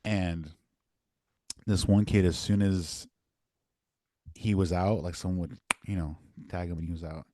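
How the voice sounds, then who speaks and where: A man's voice: sits low, fairly even intonation, a little slow, long pauses, warm tone, dry recording. A young man co-hosting a podcast, telling casual stories in a laid-back way full of filler words. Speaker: podcast co-host. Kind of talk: casual chat.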